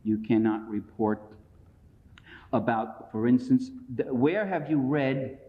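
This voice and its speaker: A man's voice: medium pitch, slow. A middle-aged man giving a public lecture in a combative, emphatic and sarcastic way, recorded on an old tape. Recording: dull lo-fi 1980s lecture tape.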